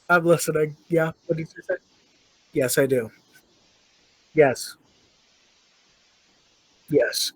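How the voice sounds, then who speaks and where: A man's voice: fairly high pitch, steady tone, slow pace, long pauses, breathy edge, no room sound, rough recording. A young man hosting a casual podcast, laughing as he reads out funny comments. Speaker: podcast host. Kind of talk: casual chat, reading comments aloud.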